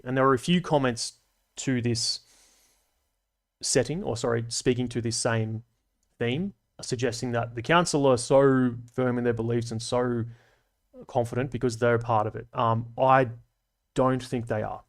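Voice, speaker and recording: Reading viewer comments out loud, a livestream host with an Australian accent and a mid-range voice replies in a chatty, analytical manner, peppering his casual answers with slang and dry remarks.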